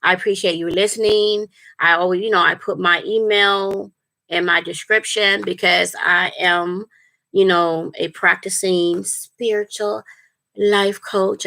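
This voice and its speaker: A woman's voice: on the low side, flat delivery, measured pace, gravelly, bright, forceful tone. A woman, a spiritual life coach, talking casually and earnestly to her longtime viewers on a livestream, rambling with fillers and restarts.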